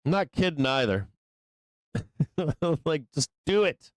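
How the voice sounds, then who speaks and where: A man hosting a live trading stream, swearing and impatiently yelling at the price chart, with excitable bursts and frequent laughs. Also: on the high side, slow pace, long pauses, no room sound. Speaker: live trading show host. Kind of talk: live-stream market commentary.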